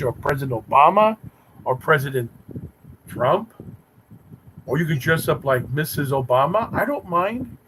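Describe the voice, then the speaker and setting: A man's voice: a little high, fairly bright tone, a little hiss or hum, rough recording. A man hosting a live stream, chatting with viewers in a teasing, mock-romantic way. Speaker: livestream host reading chat. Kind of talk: rambling playful live chat.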